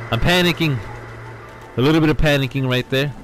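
A man giving casual, excitable let's-play commentary, talking to his viewers with frequent exclamations. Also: a little high, fairly quick, pauses often, over music. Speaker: gaming YouTuber.

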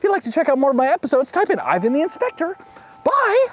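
A man hosting a children's show outdoors at a farm pen, excitable, gasping and making sing-song animal sounds as he talks to young kids. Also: very high voice, rapid-fire, slight background noise.

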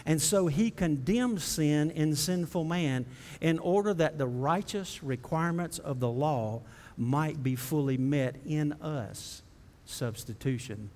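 A man preaching a sermon as pastor, folksy and direct with the congregation, building to impassioned high preaching. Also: darkish tone, big-room sound. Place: church sanctuary.

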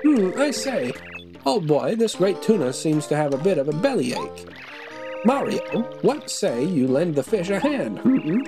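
A woman's voice: lowish voice, very animated, unhurried, over music. A woman voicing a pompous male explorer with theatrical, old-fashioned posh phrasing. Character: pompous male explorer, adventurous and self-assured.

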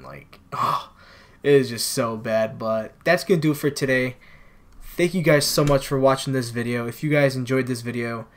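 A man's voice: mid-range voice, a bit bright. A man commentating his own gameplay for viewers on a new microphone, frustrated and exclaiming as he plays. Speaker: gaming channel host. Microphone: new desktop microphone.

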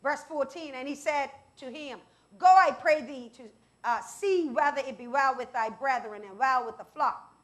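Speaking at a normal speed, a woman preacher with a high voice gives a lively sermon. She breaks into loud quotations of scripture and turns aside to address her congregation.

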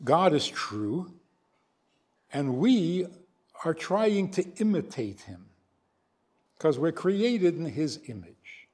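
An older man lectures as a rabbi, his pitch rising and falling widely as he spins a story. He slips into the voices of the people in it, going back and forth between them. His voice sits a little higher than most men's. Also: slow, long pauses. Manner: animated storyteller, acts out both sides of dialogues. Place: synagogue hall.

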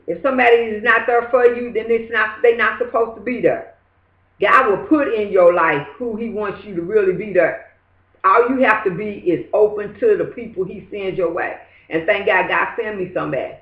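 A woman's voice: medium pitch, normal speed. A woman giving a casual spoken testimony, rambling and filling her talk with "you know what I'm saying". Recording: echoey, dull lo-fi room sound.

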